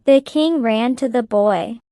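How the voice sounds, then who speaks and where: Slow, clear woman reading a story. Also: fairly high pitch, dark tone, no echo, clean studio sound. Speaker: narrator. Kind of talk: slow graded-reader story narration.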